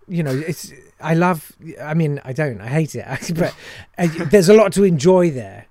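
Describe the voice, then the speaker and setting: A man's voice: fairly high pitch, lively intonation, moderate pace, few pauses, dark tone, no room sound, studio quality. A man, a comedian and impressionist, chatting casually and self-deprecatingly in an interview.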